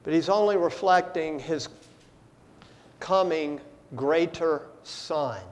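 A male pastor preaching a sermon, slow and deliberate, with dramatic swings from soft to loud. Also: fairly high pitch. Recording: long hall reverb.

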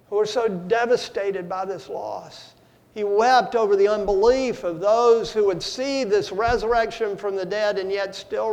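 Slow-preaching man in a reverberant hall. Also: high voice, gravelly. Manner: slow, deliberate preaching with dramatic swings in loudness. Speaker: pastor. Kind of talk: sermon.

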